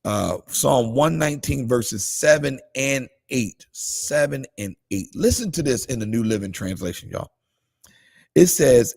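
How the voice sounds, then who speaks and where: A man preaching a morning devotional livestream, shifting between calm scripture reading and excited exclamations. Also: medium pitch, moderate pace, gravelly, husky. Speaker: pastor.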